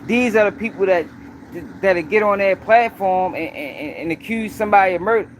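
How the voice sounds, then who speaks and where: Slight background noise accompanies a high-pitched man talking at a normal speed on his news commentary livestream. Emphatic and repetitive, he speaks straight to the people watching.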